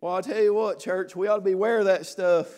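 A man preaching a sermon to his church, emphatic and often shouting, with folksy repeated asides. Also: high-pitched, steady tone, a little fast.

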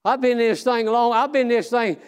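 A man preaching a fervent sermon in folksy, plain speech, breaking often into shouts and drawn-out exclamations. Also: very high-pitched, steady tone, clear, resonant tone.

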